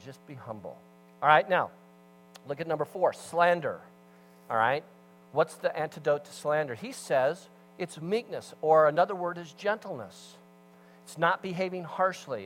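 Male pastor, fairly high voice, lively sermon storyteller, faint hum underneath. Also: rough recording. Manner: animated storyteller, swings between loud emphasis and hushed asides.

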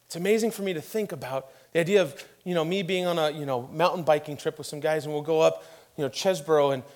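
Animated middle-aged pastor preaching. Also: male voice, on the high side, fast talker. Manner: animated storytelling with acted quotes, then quiet and hushed for scripture. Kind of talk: sermon.

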